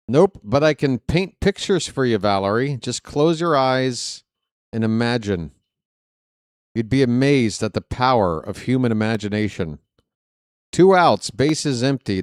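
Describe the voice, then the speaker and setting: A man doing live play-by-play of a baseball game for viewers, chatty and joking with the chat between pitches. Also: expressive, a little slow, a little mellow, no room sound, studio quality. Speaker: fan play-by-play announcer.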